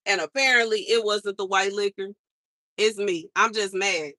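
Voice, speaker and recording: A woman's voice: medium pitch, normal speed, pushed and bright, no room sound. A woman vlogger venting in an exasperated monologue, repeating herself for emphasis. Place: outside her mother's house.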